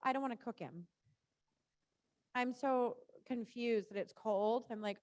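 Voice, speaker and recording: A woman with a high voice coaches a rider through a live lesson. She is chatty and encouraging, with a running stream of "good" and "right?". The sound is dry, with little room echo. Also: a little slow, a little mellow. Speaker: riding instructor.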